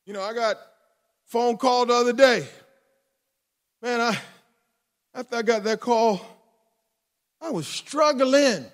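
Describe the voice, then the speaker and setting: A middle-aged man preaching a sermon, swinging between fervent shouting and hushed, joking asides. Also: very high voice, unhurried, pauses often. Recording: long hall reverb.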